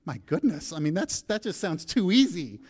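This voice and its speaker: A male pastor preaching a sermon, telling a personal story, acting out his prayers and moving between soft, quiet passages and emphatic, raised ones. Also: high voice, big pitch swings, moderate pace, slightly rough.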